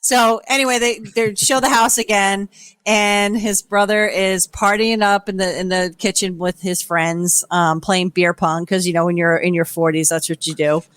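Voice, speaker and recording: A woman's voice: medium pitch, moderate pace, smooth, dry recording. Woman podcast host retelling stuff, lots of cussing, bouncy voice, super dry close mic. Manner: animated storyteller, swears freely, acts out quoted voices. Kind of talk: casual recap chat.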